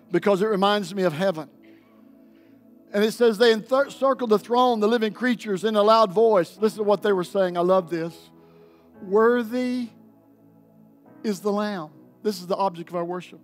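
A man preaching a sermon as pastor, leading the congregation in call-and-response and building to loud, emphatic declarations. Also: sits high, moderate pace, soft background music. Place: church sanctuary.

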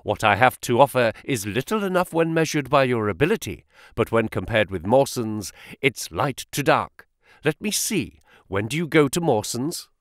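A man voicing a brisk, smooth-talking male financial agent who speaks quickly and sharply in an audiobook reading. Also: mid-range voice, dry recording, studio quality. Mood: persuasive. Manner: quick, sharp, flattering and excitable. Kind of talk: audiobook character voice.

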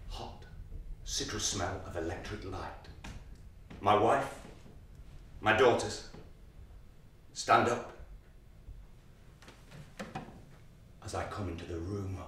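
A man's voice: low voice, a little hiss or hum. An actor playing a violent, menacing father who recalls a brutal childhood, in a brooding stage monologue. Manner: brooding and menacing, flaring into manic shouting. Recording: echoey hall, voice from far off.

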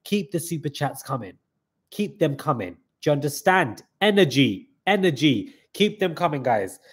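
A young man hosting a live reaction stream, excitable and hyped, calling out "guys" often, with a slightly stuffy nose. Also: a little high, moderate pace, breathy edge. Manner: excitable hype talk, keeps saying "guys".

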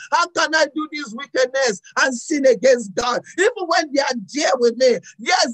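Woman pastor, very high voice, leads an impassioned prayer over a video call, repeating lines and raising her voice. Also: poor audio. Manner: impassioned, repeats phrases, often shouts. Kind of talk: fervent sermon and prayer.

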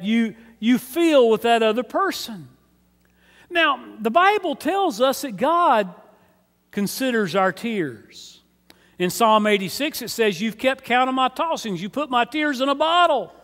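A man's voice: very high voice, animated, unhurried, fairly bright tone. A man preaching a sermon as pastor, earnest and conversational, often repeating words as he starts a phrase. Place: church sanctuary. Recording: long hall reverb.

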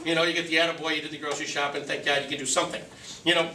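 High bright man, echoey distant talk. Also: little pitch movement, very fast, slight background noise. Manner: storytelling, acts out quotes and inner voice; direct and joking. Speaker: recovery speaker. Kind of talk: humorous recovery talk.

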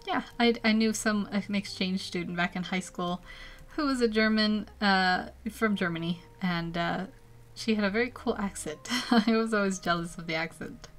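A young-sounding woman talks loosely to her viewers while she draws. She giggles through her sentences and drifts from topic to topic, filling pauses with "um" and "uh". Her tone is relaxed and conversational, like an easygoing live stream. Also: mid-range voice. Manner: chatty and giggly, rambling with many fillers. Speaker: artist streaming a live drawing session. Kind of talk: casual live-stream chat while drawing.

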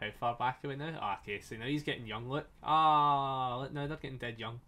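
A man's voice: mid-range voice, brisk, bright, forceful tone. A man casually commenting on a story game he is playing live, joking with his chat, laughing often and swearing freely, his voice a little strained. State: slightly strained voice. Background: faint game soundtrack music.

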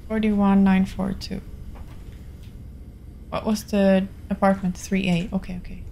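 Slow, gravelly Finnish woman streamer. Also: mid-range voice, flat delivery, dark tone, slight background noise. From Finland. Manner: chatty, jumpy, drops to whispers. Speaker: game streamer. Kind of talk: live-stream horror game commentary. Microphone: desktop studio mic.

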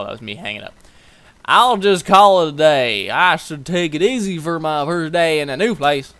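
Animated young man, gaming commentary. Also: fairly high pitch. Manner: joking, profane, reads dialogue aloud. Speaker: gaming YouTuber. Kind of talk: let's play commentary.

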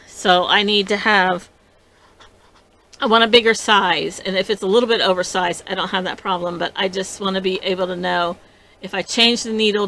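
A woman's voice: medium pitch, slight background noise. Bubbly, chatty woman hosting a crafting vlog. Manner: chatty and rambling, with many restarts; bubbly and excitable. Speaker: podcast host. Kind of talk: casual crafting vlog chat.

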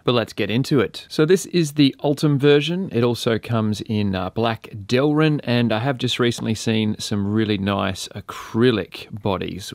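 A man's voice: on the low side, no room sound. An Australian man casually reviewing gear and beer on his own channel, laid-back and swearing freely.

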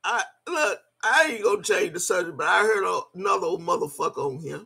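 A woman's voice: lowish voice, animated, a little fast, gravelly, sharp tone, breathy edge. An older woman in a casual vlog rant, profane and mocking, breaking into laughter often. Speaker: vlogger.

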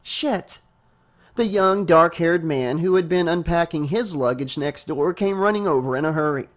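A male audiobook narrator reading a horror novel aloud. His voice sits a little high for a man, and he keeps a steady storytelling pace. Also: moderate pace.

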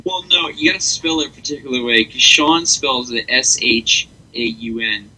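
Bright husky young man, chatty. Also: mid-range voice, moderate pace, rough recording. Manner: rambling, animated storytelling with laughs. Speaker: podcast co-host. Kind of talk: casual chat.

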